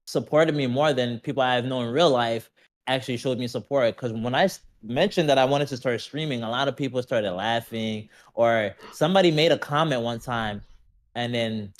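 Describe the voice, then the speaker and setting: A man chats casually as a streamer guest on a podcast. He talks in an animated, rambling way and keeps asking "you know what I mean". His voice sits at an ordinary middle pitch. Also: moderate pace.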